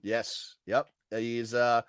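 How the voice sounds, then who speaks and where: A man co-hosting a casual podcast chat, laughing often and quoting lines in animated bursts. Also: medium pitch, extremely slow. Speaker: podcast co-host.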